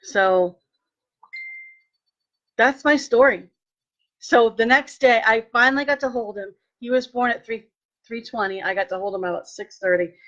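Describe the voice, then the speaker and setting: A woman telling a personal story in a lively way, acting out what people said and turning earnest when she speaks of faith. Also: fairly high pitch, moderate pace, pauses often, lo-fi sound. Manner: animated, acts out quoted dialogue. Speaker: vlogger sharing a personal testimony.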